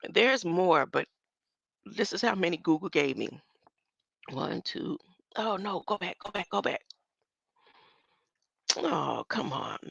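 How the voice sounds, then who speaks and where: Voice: mid-range voice, creaky, a bit bright, husky, no room sound. A vlogger talking in a rambling casual monologue, musing and drifting from topic to topic and chuckling often. The sound is dull and lo-fi.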